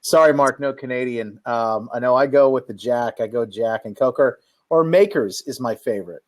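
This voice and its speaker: A man's voice: mid-range voice, normal speed. A man co-hosting a casual online show, answering in a laid-back way with short replies. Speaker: co-host.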